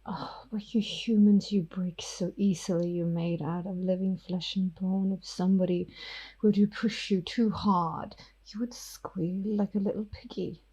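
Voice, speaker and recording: A woman voicing a cruel female vampire elder who taunts in a breathy, whispery voice. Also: mid-range voice, steady tone, measured pace, mellow, rough recording. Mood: menacing. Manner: silky and taunting.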